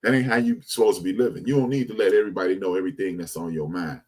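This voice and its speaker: A middle-aged man co-hosting a podcast, telling stories in casual slang and growing animated when he makes a point. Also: deep voice, rapid-fire. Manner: laid-back storytelling with slang, animated when making a point. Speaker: podcast co-host. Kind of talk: casual chat.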